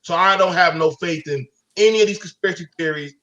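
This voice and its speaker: A man hosting a rowdy live call-in debate. He swears freely and sounds exasperated, cutting in over callers. His voice is bright and forceful, heard through a dull, lo-fi feed. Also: sits high, fast talker, a little hiss or hum. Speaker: live stream host.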